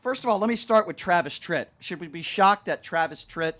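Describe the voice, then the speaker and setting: A man with a notably high voice hosts a talk show and rants with scorn, mocking and hammering the same points again and again. His voice sounds dry and close, with no room echo. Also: lively intonation, fairly quick, fairly bright tone, soft background music. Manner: indignant, mocking, repetitive. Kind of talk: opinionated talk radio rant.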